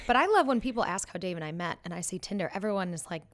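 A woman's voice: fairly low pitch, lively intonation, racing, no room sound. Female podcast co-host, candid storyteller, casual and unfiltered. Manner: candid, storytelling, blunt with swearing. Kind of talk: casual chat.

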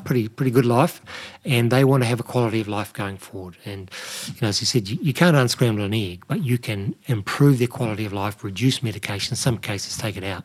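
A middle-aged man, a nutrition expert guest, explaining in a relaxed conversational way with many "you know" fillers. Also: on the low side. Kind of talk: conversational interview.

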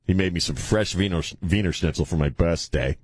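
A middle-aged male radio host with a lowish voice, riffing in loose, provocative banter and breaking into laughter often. The sound is dry and close, with no room around it. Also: fairly quick, breathy edge, dry recording. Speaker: radio talk show host.

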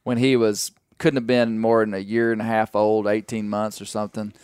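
A man's voice: on the low side, little pitch movement, fairly quick, a little mellow, clean tone, no room sound. Folksy Southern man hosting a podcast. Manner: folksy, rambling with fillers and restarts. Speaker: podcast host. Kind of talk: casual storytelling chat.

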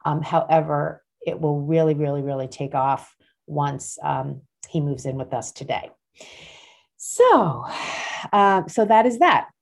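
Low-voiced woman podcast host chatting. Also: animated, a little slow, creaky. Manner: warm rambling with frequent fillers and restarts. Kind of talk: casual personal chat.

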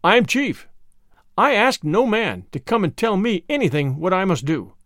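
A man's voice: sits high, big pitch swings, moderate pace, fairly bright tone, dry recording, studio quality. A man reading the lines of a proud Native chief who firmly refuses orders. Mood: defiant. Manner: firm, declaring.

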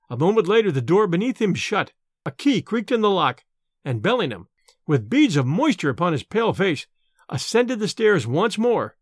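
A man reading a classic horror tale aloud, his fairly high voice rising and falling with theatrical expression. The recording is dry and close, with no room around it. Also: dry recording. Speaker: narrator. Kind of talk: audiobook reading of a Victorian horror story.

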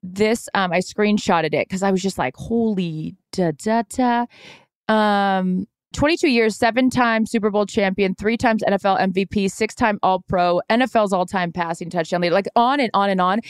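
A woman's voice: medium pitch, smooth, no echo, clean studio sound. A woman in her thirties co-hosting a podcast, rambling chattily about sports with many fillers. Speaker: podcast co-host. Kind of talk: casual chat.

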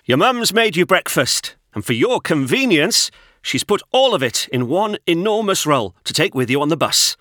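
A cheerful family dad booms out his calls, as a man voices him in a children's storybook. The voice is raised and bright, close and dry. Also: big pitch swings, moderate pace, no echo. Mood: hurrying. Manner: booming, jolly calls.

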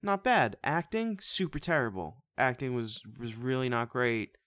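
A man chats casually on a podcast, retelling a film's plot in a rambling, animated way and swearing freely. His voice is smooth and clear. The sound is dry and close, with no room around it. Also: mid-range voice, a little slow, dry recording. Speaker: podcast co-host. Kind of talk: casual movie review chat.

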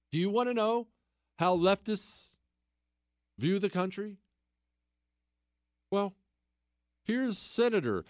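Sarcastic man hosting talk radio, lively swooping delivery, dry booth sound. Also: no echo. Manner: sarcastic, mocking, heavy repetition; animated, swings into incredulous high outbursts. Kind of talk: political talk radio monologue.

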